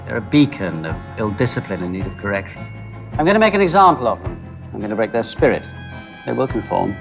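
An actor playing a smug, scheming politician who talks in pompous speeches. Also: male voice, on the low side, sing-song, fast talker, gravelly, music in the background. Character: smug, scheming male politician, middle-aged. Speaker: government minister. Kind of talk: film acting.

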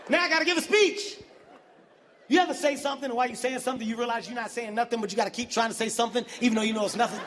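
A man performing a stand-up comedy set on a big stage, telling stories in an animated, profane way and bursting into shouts. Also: very high-pitched, very fast, few pauses. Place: large live venue on stage. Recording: reverberant hall with constant background noise.

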